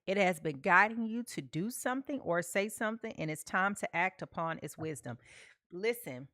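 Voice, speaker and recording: Her voice sits fairly low but moves a lot, at a normal speed with a fairly bright tone, captured in a dry studio. Reading tarot live, she chats away, checks in with "okay?" again and again, and addresses the people in chat.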